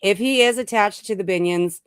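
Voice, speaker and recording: A woman's voice: medium pitch, smooth, no echo. A woman co-hosting a paranormal talk show, chatting and reading reports aloud, often stopping to correct herself. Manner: halting, self-correcting when reading. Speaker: co-host. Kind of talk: casual chat and reading aloud.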